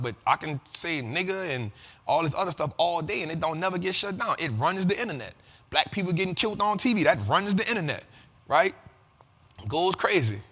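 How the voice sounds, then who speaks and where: A man hosting an investing show, talking in animated, profane casual commentary and often asking if listeners follow him. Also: high-pitched, big-room sound. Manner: animated and profane, keeps asking "you feel me?". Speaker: host of a money and investing show.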